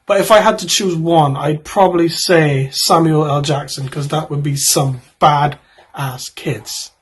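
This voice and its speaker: A man's voice: a little high, fairly even intonation, a little slow, breathy edge. A man in his twenties, a YouTuber, reading out would-you-rather questions and answering them in a rambling, joking way with offhand asides.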